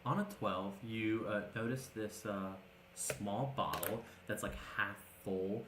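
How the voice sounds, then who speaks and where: A man's voice: fairly low pitch, takes it slowly, fairly bright tone. A man narrating as game master, rambling with many fillers. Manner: rambling, filler-heavy, laughs often. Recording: echoey room.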